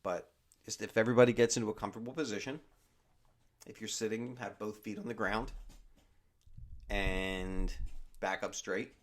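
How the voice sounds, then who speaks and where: A man calmly talking listeners through a guided body scan meditation with slow spoken instructions. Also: fairly low pitch.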